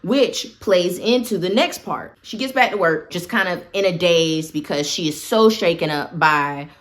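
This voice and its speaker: A woman with a voice on the low side casually recaps a horror film for her channel at a measured pace. She's talkative, sprinkling in plenty of opinionated asides.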